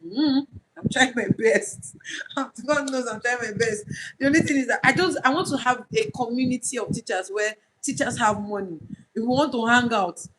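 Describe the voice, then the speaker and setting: A woman with a Nigerian accent and a slightly high voice livestreams at normal speed, coaching people who want to become online tutors. She speaks earnestly, pushing her points and repeating them for emphasis, with a faint hiss underneath.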